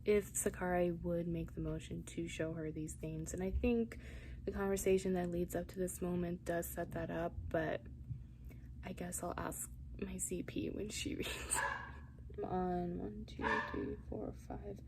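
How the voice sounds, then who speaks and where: A woman's voice: fairly low pitch, fairly even intonation, unhurried, background noise. A young woman chatting to camera about her writing, thinking aloud and rambling, sometimes dropping to a whisper. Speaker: writing vlogger. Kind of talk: casual chat to camera.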